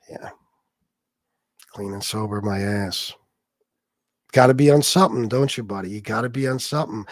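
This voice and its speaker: A man's voice: mid-range voice, darkish tone, no echo. Man, angry sarcastic rant, lots of swearing, dry dead room. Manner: profane, heated, sarcastic ranting. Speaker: livestream host. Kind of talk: ranting livestream commentary.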